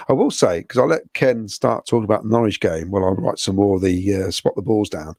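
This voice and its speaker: A man's voice: lowish voice, fairly quick, few pauses, a little mellow, no echo, studio quality. A man hosting a casual football fan podcast, chatty and laughing often. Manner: chatty, laughs often, reads listener comments. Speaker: podcast host.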